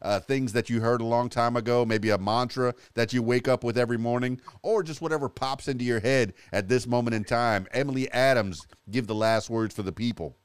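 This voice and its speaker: A man's voice: mid-range voice, fairly quick, few pauses, smooth, no room sound. A man hosting a podcast, talking in a rambling, playful way with many restarts as he signs off. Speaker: podcast host. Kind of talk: casual podcast interview sign-off.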